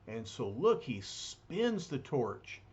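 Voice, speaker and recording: A man reading a comic book aloud, unhurried and with frequent fillers. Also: mid-range voice, big pitch swings, lo-fi sound, background noise. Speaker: reader.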